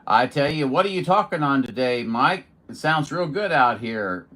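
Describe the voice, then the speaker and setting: Here a radio operator from Missouri, mid-range and animated, speaks at normal speed with a pushed, bright tone. He streams his contacts and jokes around in folksy, casual ham radio chat with other stations.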